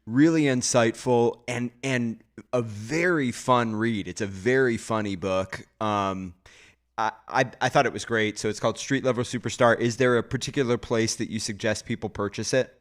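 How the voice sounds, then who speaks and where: A man's voice: mid-range voice, moderate pace. A man hosting a podcast, thanking his guest and praising the book as he wraps up the conversation. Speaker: podcast host. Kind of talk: conversational interview.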